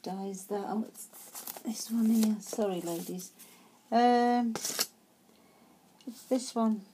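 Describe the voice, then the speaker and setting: A woman's voice: on the high side, slow pace, dark tone, a little hiss or hum. A woman chatting casually as she shows her handmade tags, hesitant with many fillers and restarts. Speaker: craft vlogger. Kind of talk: casual show-and-tell.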